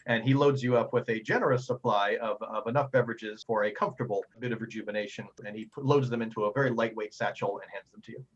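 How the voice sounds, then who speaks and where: A man's voice: on the low side, steady tone, quick pace, few pauses, breathy edge, muffled recording. A man narrating a tabletop game as game master, storytelling with frequent ums and restarts.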